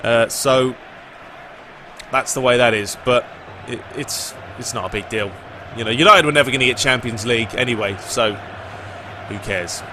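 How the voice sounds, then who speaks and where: Bright-voiced young British man chatting. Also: mid-range voice, moderate pace, pauses often, a little hiss or hum. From Britain. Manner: relaxed, rambling, lots of "you know" and "uh". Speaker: gaming YouTuber. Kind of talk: casual Q&A chat.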